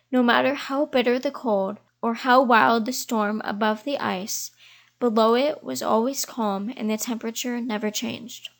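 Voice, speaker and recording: A woman reading a children's animal storybook aloud in a gentle, measured way. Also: on the high side. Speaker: audiobook reader. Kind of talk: storybook narration.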